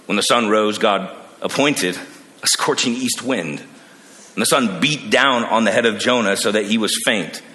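A man preaching a sermon, animated, acting out the characters he quotes. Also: on the low side. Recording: long reverb of a large hall.

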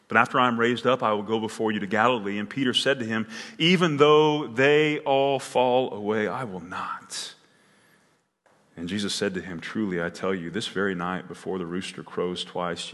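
In a church sanctuary with a long reverb tail, a pastor delivers an earnest sermon in a fairly low, fairly bright voice. He builds to emphatic peaks and often restarts his words.

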